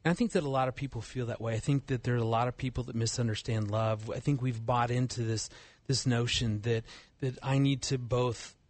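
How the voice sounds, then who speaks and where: A man's voice: medium pitch, fairly even intonation, a little fast, few pauses, no room sound. Dry-voiced man, amused storyteller. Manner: laughs while telling stories. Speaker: guest author. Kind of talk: casual storytelling chat.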